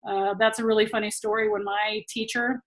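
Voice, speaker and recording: A woman's voice: medium pitch, flat delivery, fairly quick, rough recording. A woman who teaches tantra talks casually to an online audience over a video call and laughs often while she tells stories.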